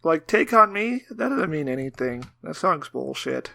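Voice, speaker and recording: A woman's voice: sits low, big pitch swings, normal speed, vocal fry, sharp tone, no room sound. A woman co-hosting a podcast, joking crudely in casual chat. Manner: joking, crude, sings bits. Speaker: podcast co-host.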